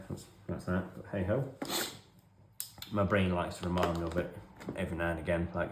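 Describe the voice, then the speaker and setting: A man's voice: low-pitched, fairly even intonation, brisk, roomy sound, background noise. An English man in his forties telling a rambling, self-deprecating story while tidying his hobby room. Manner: self-deprecating, wry, chatty. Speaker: hobby vlogger.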